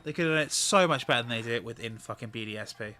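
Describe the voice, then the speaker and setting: A man talks loosely over a game session, his voice bright and forward. He rambles through stories and laughs easily, sitting at a middle pitch. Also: very fast, a little hiss or hum. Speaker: co-host. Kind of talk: casual chat while gaming.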